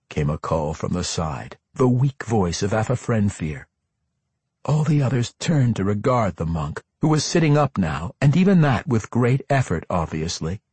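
A man narrating a fantasy audiobook in an expressive, dramatic reading with character voices. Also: fairly low pitch, normal speed, husky, dry recording.

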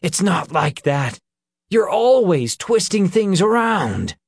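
A man's voice: mid-range voice, expressive, very slow, a little mellow, no echo, studio quality. A man voicing a proud young leader who answers earnestly and defensively, in an audiobook.

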